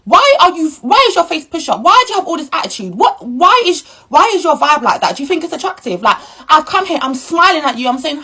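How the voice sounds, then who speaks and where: A woman's voice: high voice, fast talker, few pauses, rough recording. A young woman, ranting bluntly and indignantly in a casual vlog. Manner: blunt, indignant, animated storytelling. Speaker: vlogger.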